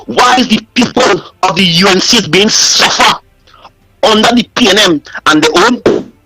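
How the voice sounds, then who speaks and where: A man's voice: high voice, moderate pace, pushed and bright, faint music behind, rough recording. Impassioned man calling radio. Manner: impassioned, repetitive rhetorical questions. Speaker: caller. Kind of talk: call-in radio rant.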